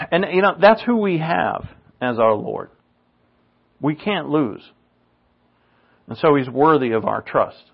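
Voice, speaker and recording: A man preaching a sermon in an earnest manner, his pitch rising on rhetorical questions. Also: lively intonation, measured pace, creaky, muffled recording.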